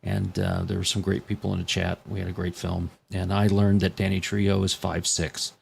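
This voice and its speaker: A male guest chatting in an easygoing, unhurried way. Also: deep voice, little pitch movement, gravelly, darkish tone, slight background noise. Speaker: guest co-host. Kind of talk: casual chat.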